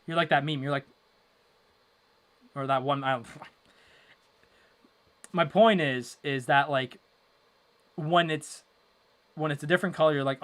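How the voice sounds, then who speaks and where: A young man hosting a casual live hockey watchalong, rambling with lots of fillers and breaking into loud exasperation. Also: fairly high pitch. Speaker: livestream watchalong host.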